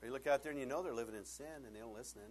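A male pastor preaching a sermon, animated and laughing often, acting out bits of dialogue in changing voices. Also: mid-range voice, racing, a little hiss or hum.

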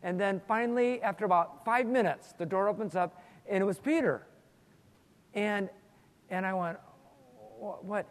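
In a big hall with long, lingering reverb, a man teaches the Bible through prayer and stories. His voice sits high at a normal speed with long pauses, and his earnest storytelling includes repeated words as he thinks.

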